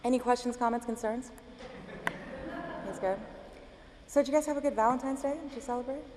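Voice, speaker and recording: Woman slam poet reading live, high voice, long hall reverb with faint room noise behind her. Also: a little fast, dark tone. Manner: talks casually and jokingly with the audience between poems; recites with driving, repeated rhythmic lines. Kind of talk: live spoken-word poetry reading. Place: university event hall before a live audience.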